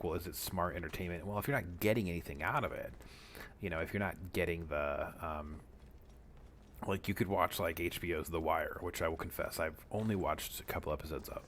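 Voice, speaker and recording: A deep-voiced man talks through his game stream in a loose, wandering way, full of ums and side remarks. A faint hiss sits under his voice. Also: steady tone, a little fast, fairly bright tone. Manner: rambling, many fillers and asides. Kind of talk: casual gameplay commentary.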